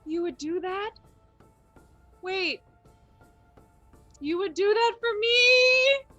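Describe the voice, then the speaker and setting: A woman's voice: very high-pitched, lively intonation, drawn-out words, pushed and bright, no room sound, faint music behind, voice pushed up, exaggerated voice. A woman playing a bored court clown in a tabletop game, teasing and mock-threatening with playful menace. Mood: delighted.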